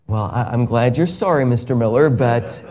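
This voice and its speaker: Man voicing a pushy credit card collector; brisk, insistent demands. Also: medium pitch, darkish tone, natural voice.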